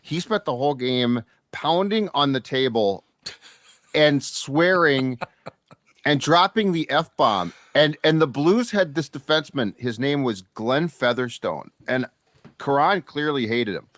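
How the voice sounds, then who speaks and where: A man hosts a casual sports talk show in an easygoing, storytelling manner. His voice sits at an ordinary middle pitch. The sound is dry and close, with no room around it. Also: unhurried, no room sound. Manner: storytelling, animated when excited.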